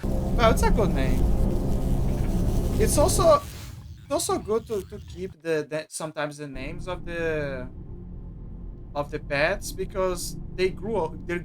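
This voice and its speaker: A man talks casually while he streams a game, wandering through his thoughts with frequent restarts and fillers. His voice sits high and swings widely in pitch. Game music plays clearly beneath him. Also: lively intonation, a little slow, long pauses. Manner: rambling, many restarts and filler. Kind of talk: casual gameplay commentary.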